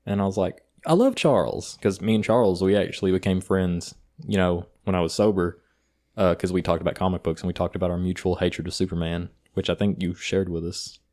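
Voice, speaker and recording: A young man with an Eastern Kentucky accent, co-hosting a podcast and telling stories in a casual, profane, animated way. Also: low-pitched, fairly quick. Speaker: podcast co-host. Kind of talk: casual chat.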